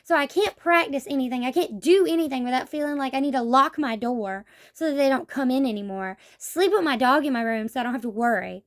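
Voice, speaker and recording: A young woman with a high voice tells a story straight to the camera, blunt and full of swearing. She acts out the lines people said to her as she goes. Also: brisk, few pauses. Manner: blunt, profane storytelling, acting out quotes. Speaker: vlogger. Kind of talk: casual vlog rant.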